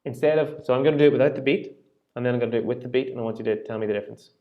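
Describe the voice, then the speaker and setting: A man's voice: medium pitch, racing, phone-quality sound. A man teaching a singing lesson, patiently explaining rhythm and singing short phrases to demonstrate.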